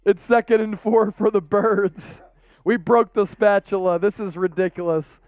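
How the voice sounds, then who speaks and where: A man hosts a rowdy live-stream watch party, calling plays between jokes in a casual, excitable way. His voice is high and smooth. The sound is dry, with a slightly dull tone. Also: measured pace, dry recording. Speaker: host.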